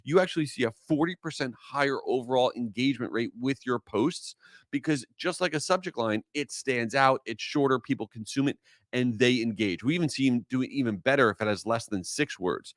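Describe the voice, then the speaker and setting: A man's voice: mid-range voice, brisk, no room sound, clean studio sound. A man hosting his own podcast, talking casually with energy and enthusiasm, drifting into rambling asides. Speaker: podcast host. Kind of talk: casual solo podcast talk.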